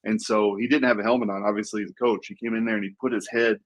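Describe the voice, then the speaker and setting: A man co-hosting a podcast, telling stories in an animated way and shouting out the lines he quotes. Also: lowish voice, rapid-fire, highs cut off. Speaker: podcast co-host. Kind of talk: casual storytelling.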